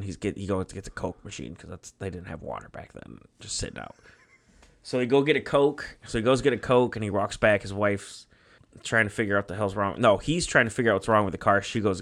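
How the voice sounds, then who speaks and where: A man's voice: on the low side, fairly bright tone. A man co-hosting a podcast, casually telling a made-up story in a rambling, profane way. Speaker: podcast co-host.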